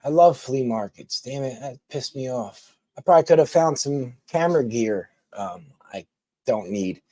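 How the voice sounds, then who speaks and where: A man's voice: mid-range voice, expressive, normal speed, mellow, dry recording. A man chatting casually with viewers on a live stream, rambling with lots of ums and restarts.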